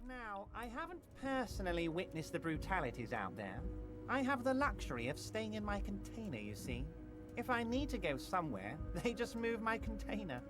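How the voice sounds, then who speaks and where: A scheming old union boss. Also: male voice, high voice, very animated, normal speed. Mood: schmoozing. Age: older. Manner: smooth, ingratiating, theatrical. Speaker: union boss in a video game. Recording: game audio over loud music.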